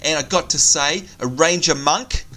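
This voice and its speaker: A man's voice: on the high side, moderate pace, bright, forceful tone. An Australian man co-hosting a game video, chatting enthusiastically and exclaiming as guests show up. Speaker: co-host of a game channel. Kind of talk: casual gameplay chat.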